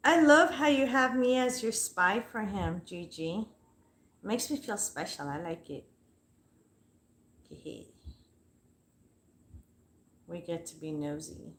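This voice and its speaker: A woman's voice: mid-range voice, lively intonation, slow pace, pauses often, slight background noise. A young adult woman chatting playfully and bluntly on a casual live stream, talking to her dog and giving readings. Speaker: live psychic reader.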